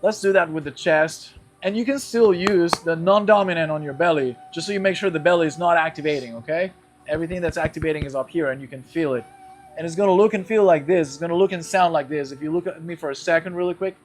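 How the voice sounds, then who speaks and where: A man's voice: a little high, fast, soft background music. A man teaching a guided breathing lesson, explaining each step and checking in with his class as he goes. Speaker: breathwork instructor.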